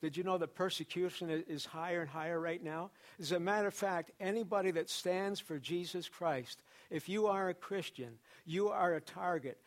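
A man's voice: high-pitched, moderate pace, few pauses. A pastor preaching a sermon to his church, building emphasis through repeated phrases. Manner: preaching with repetition and rising emphasis.

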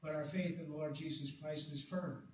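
Man preaching, sermon, high voice, slow emphatic scripture reading, very echoey room, dull sound. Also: steady tone, far from the mic, a little hiss or hum. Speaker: pastor.

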